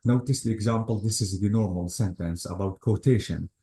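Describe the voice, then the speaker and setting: A man with a lowish, mellow voice explains grammar rules, working through examples methodically and repeating his cue words. The sound is roomy and echoey. He is a patient teacher leading a lesson. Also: fairly quick. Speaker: English teacher. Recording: echoey room.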